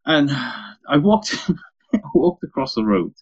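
A man's voice: medium pitch, slow, slightly rough, dull audio. A young father, telling stories in a casual podcast chat, swearing freely. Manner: sweary, animated anecdote teller.

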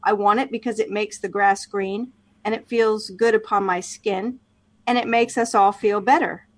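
A woman co-hosting a casual talk show, reading a book aloud in a measured, thoughtful way. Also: mid-range voice, fairly even intonation, no room sound. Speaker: podcast co-host.

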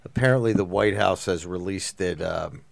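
A man co-hosting a talk show, giving a measured news update. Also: sits low, vocal fry, no room sound.

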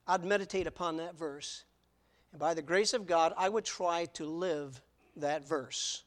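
A pastor preaches to his congregation in a raised, fairly high voice. He drives points home by repeating words in lists and asking questions. His delivery is emphatic and earnest. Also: fairly bright tone. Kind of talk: sermon.

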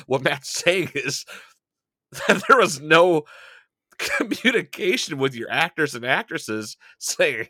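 A man picks apart a movie with a co-host in loose, sarcastic chat full of swearing. His voice is bright and forceful, recorded close in a dry room. He laughs between lines. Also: fairly high pitch, lively intonation, slow, dry recording. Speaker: podcast co-host. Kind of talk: casual movie-review chat.

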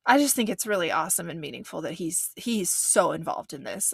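A woman's voice: fairly low pitch, lively intonation, fairly quick, creaky, few pauses, slightly rough, no room sound, studio quality. A woman giving casual, earnest commentary on a reality show, rambling with frequent restarts and getting emotional.

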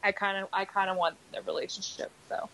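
A woman's voice: medium pitch, flat delivery, fairly quick, vocal fry, bright, forceful tone. Rambling woman guest, dull lo-fi audio. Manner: rambling, thinks aloud with "like" and "um". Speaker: podcast guest. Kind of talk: casual podcast discussion.

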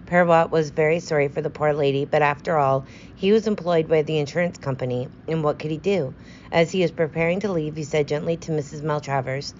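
Woman reading an old mystery out loud, low voice, steady pace, dull recording with faint hiss. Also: a little fast. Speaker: audiobook narrator. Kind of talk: scripted narration.

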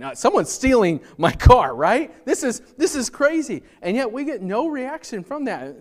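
A man preaching a sermon as pastor, acting out scenes in quick voices. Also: high voice. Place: church.

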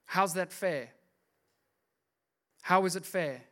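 A man preaching a sermon as a pastor, swinging from hushed asides to loud, driving repetition. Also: sits high, takes it slowly. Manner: repeats words for emphasis.

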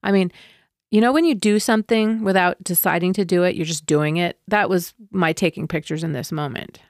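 A middle-aged woman tells a personal story in a loose, rambling way, full of fillers and asides. Her voice turns soft and tender when the story gets emotional. The sound is close and dry, with no room echo. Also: on the low side, brisk.

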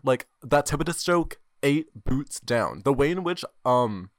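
A man's voice: medium pitch, animated, moderate pace, no echo, studio quality. A seventeen-year-old boy hosting a podcast on his own, chatting in a rambling, jokey, self-mocking way into a microphone. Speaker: podcast host. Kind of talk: casual solo podcast chat. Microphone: desk microphone.

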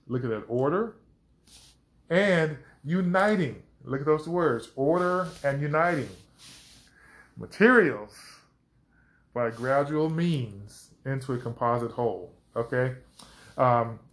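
A man teaching scripture on a podcast, enthusiastic, stretching out key words for emphasis. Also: medium pitch. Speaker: preacher.

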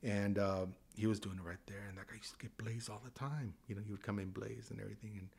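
A Southern California man in his fifties, guesting on a podcast, tells his story loosely and conversationally in a low-sitting voice. He talks fast, with a creaky, breathy edge, animatedly acting out dialogue in changing voices for the people in his story.

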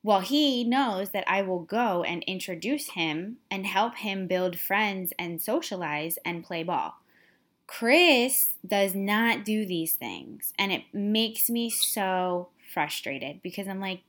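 Candid, animated woman telling a story. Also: mid-range voice, takes it slowly. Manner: candid, animated storytelling, mimics her husband. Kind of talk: casual chat.

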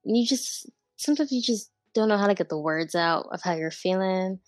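A young woman in casual chat, speaking hesitantly with halting starts. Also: medium pitch, lively intonation, dry recording, faint music behind. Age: young adult. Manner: hesitant, halting, lots of fillers.

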